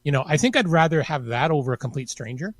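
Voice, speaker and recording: A man co-hosting a casual podcast, talking in a halting way with many restarts and fillers. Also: a little high, sing-song, no echo. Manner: hesitant, many restarts and "you know". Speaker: podcast co-host. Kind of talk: casual chat.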